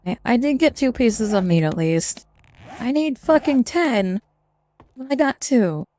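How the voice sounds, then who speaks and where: A woman streamer reacting to a game as she plays, swearing constantly and yelling at enemies. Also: fairly high pitch, lively intonation, unhurried, no room sound. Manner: profane, yelling, reacting loudly. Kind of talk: live gameplay commentary.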